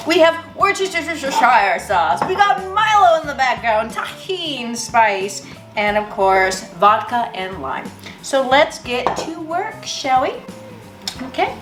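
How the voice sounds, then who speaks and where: A woman hosting a casual cooking vlog from her home kitchen, bubbly and joking, swearing casually as she goes. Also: high-pitched. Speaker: host. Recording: echoey kitchen with music.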